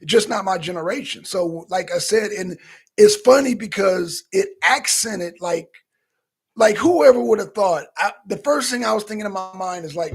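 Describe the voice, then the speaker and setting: Brief: husky man with a high voice, co-host doing a loose, profane, animated rant. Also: normal speed. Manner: animated, loose and profane, slips into quoting himself. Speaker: talk show co-host. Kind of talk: casual profane commentary.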